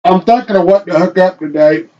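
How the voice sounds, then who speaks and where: A man with a slightly high voice talks his way through setting up a live game stream. He rambles, swears freely and mutters to himself as he hunts for files and waits on loading. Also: a little fast, dull audio. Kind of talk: casual live-stream chat.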